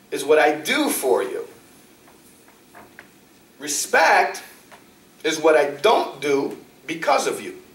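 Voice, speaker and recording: A man giving a talk as a rabbi, telling stories with animated acted-out dialogue. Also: a little hiss or hum. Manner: animated, acts out dialogue with shifting pitch. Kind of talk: lively storytelling lecture. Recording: roomy, distant mic in a hall.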